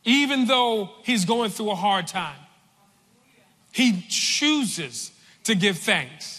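A man preaching a sermon in a large church, slow and deliberate, repeating phrases for weight. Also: high voice, lively intonation, bright, forceful tone, big-room sound.

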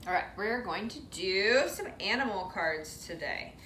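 A woman's voice: medium pitch, animated, unhurried, fairly bright tone, slight background noise. A woman leading a children's yoga class in a playful, sing-song, coaxing way, with animal sounds along the way. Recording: roomy sound from a distant mic.

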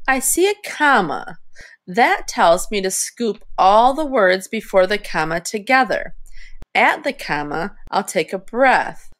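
A woman's voice: medium pitch, animated, slow pace, fairly bright tone. A woman teaching young readers, thinking aloud as she models reading a story in phrases. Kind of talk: reading lesson for children.

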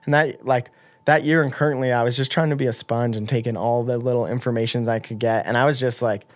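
A man in his twenties, a guest on a podcast, telling stories in a lively, casual way, full of filler words. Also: medium pitch, fast talker, no room sound. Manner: animated, lots of filler words, acts out quotes. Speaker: guest snowboarder. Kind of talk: casual storytelling. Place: podcast studio.

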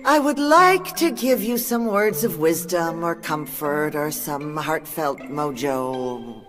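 A woman's voice: low voice, animated, takes it slowly, a bit bright, long reverb tail, faint music behind, heavily acted. A woman voicing a dazed, rambling grown woman in a comedic cartoon dub, drawling her words.

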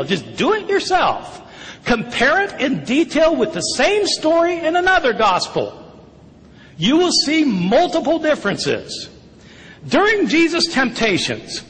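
A male lecturer with a high voice that swings widely as he presses his points. He speaks emphatically and asks question after question, sometimes rushing ahead. The sound rings with the long reverb of a large hall. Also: a bit bright. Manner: emphatic, questioning, fast bursts. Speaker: lecturer on the New Testament. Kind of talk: public lecture.

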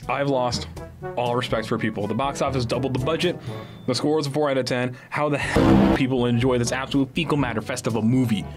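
A man's voice: medium pitch, fairly even intonation, fast talker, loud music behind the voice. A young man hosting a student comedy segment, ranting in exasperation about a bad movie. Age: young adult. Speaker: segment host, movie critic. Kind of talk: scripted comedic movie rant.

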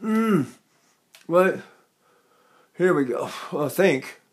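An older male voice teacher with a fairly high voice talks through vocal technique. He rambles and wanders off on side notes. The sound is echoey, as if recorded in a bare room. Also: lively intonation, takes it slowly, a little hiss or hum. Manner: rambling, digressive explanations with sung demonstrations.

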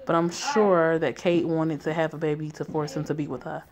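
A woman's voice: sits low, fairly even intonation, normal speed, a crowd in the background. Woman doing a sassy gossipy diner lady. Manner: drawling, calls people honey and girl. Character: sassy older female diner owner, gossipy.

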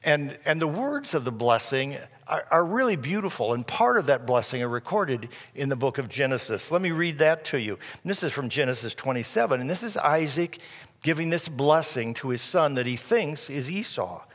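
A male pastor retelling a scripture story in a sermon, dramatic, dropping soft at tense moments. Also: fairly high pitch, animated, normal speed. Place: church sanctuary. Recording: long reverb of a large hall.

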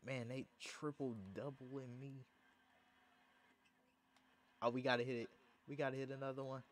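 A man commentating his own basketball video game, swinging from low muttering to excited shouting. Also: unhurried. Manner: hyped, shouting bursts between low muttering. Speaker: gaming streamer. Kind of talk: excited live commentary over gameplay.

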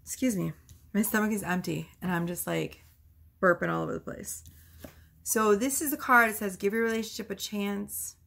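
A woman's voice: medium pitch, moderate pace, vocal fry, fairly bright tone. A woman reading tarot cards in a casual vlog, chatty and laughing often, swearing freely, a bit out of breath. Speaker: tarot reader. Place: at home.

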